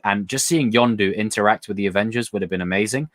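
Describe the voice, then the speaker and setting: A young man chats live with his audience in a slightly low voice. He rambles from one thought to the next, gets excited easily and swears without a second thought. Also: fast talker. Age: young adult. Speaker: livestream host reading chat questions. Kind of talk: casual live chat.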